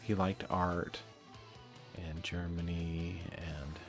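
A man's voice: deep voice, little pitch movement, drawn-out words, over music. A man hosting a podcast, talking in a reflective, conversational way and chuckling at himself now and then. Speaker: podcast host. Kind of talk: casual chat.

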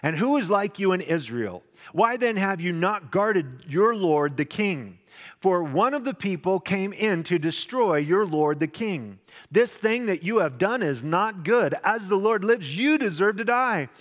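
A man preaching a sermon, dramatic, acting out the quotes loudly and then dropping to a hush. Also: high voice. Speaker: pastor. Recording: long echoing reverb of a large hall.

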